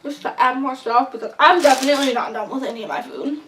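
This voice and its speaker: Rambling high-voiced young woman vlogger. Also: fast, a little hiss or hum. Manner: rambling, filler-heavy, excitable. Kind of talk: casual storytelling while eating. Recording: echoey room, mic at a distance.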